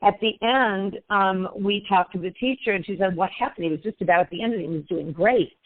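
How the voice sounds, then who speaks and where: A woman's voice: mid-range voice, brisk. An older woman, a grandmother, calling in to a group session and telling a long personal story in a chatty, earnest way. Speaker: caller. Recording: tinny phone line.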